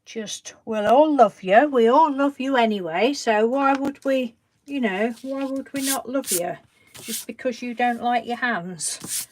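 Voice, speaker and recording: A woman with a fairly high voice chats her way through a crafting live stream at an unhurried pace. She greets viewers by name and answers their comments from the chat. She reassures them gently, often losing her thread and starting the sentence again.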